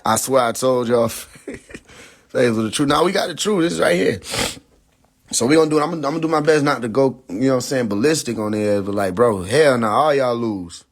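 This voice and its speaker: A young man hosting a livestream, ranting in a casual, profane way. He speaks, sounds incredulous and animated, and breaks into laughter often. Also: mid-range voice, brisk. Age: young adult. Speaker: livestream host. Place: in a car.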